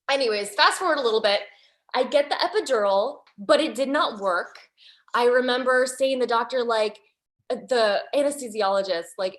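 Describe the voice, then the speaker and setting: A young woman sharing her birth story as a podcast guest, lively and candid. Her voice sits a little higher than most, and she slips into quoted thoughts and asides as she goes.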